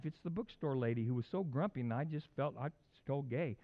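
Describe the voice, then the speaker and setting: A middle-aged man preaching a sermon, animated and conversational, with folksy asides. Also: mid-range voice, fairly quick, hardly any pauses. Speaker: pastor. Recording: dull lo-fi sound.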